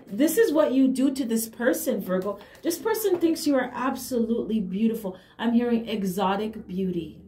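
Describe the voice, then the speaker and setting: Woman tarot reader, slightly high voice, casual and emphatic with affirming hums; echoey room, light hiss. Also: lively intonation, moderate pace, hardly any pauses, dark tone. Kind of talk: casual tarot reading to camera.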